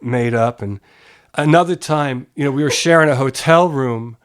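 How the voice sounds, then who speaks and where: A middle-aged musician from Pennsylvania, appearing as a guest in a relaxed interview, tells animated stories while casually swearing and laughing. His mid-range voice is clean in tone and moves at normal speed.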